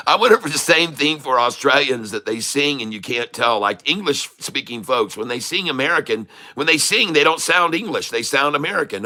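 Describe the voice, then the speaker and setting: Bright-voiced man hyping live trades. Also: mid-range voice, animated, normal speed. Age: middle-aged or older. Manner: puts on a playful foreign accent to mix things up; repetitive, hype-style urging to buy and sell. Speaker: day trader and channel host. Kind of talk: live trading commentary.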